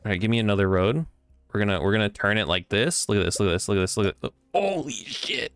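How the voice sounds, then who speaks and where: Guy streaming a game, low smooth voice, gets all worked up and cussy, lil music going behind. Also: fast. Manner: excitable, swears and laughs at the game, mock-grand musings. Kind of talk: casual gameplay commentary.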